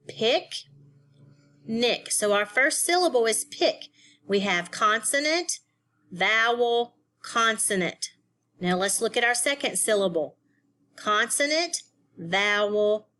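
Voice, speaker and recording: A woman leads a recorded phonics lesson for young students. She talks at a slow, careful pace and breaks each word into syllables and single letters. Her voice sits in a middle pitch. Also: fairly bright tone. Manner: slow, deliberate, spells words letter by letter. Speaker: teacher.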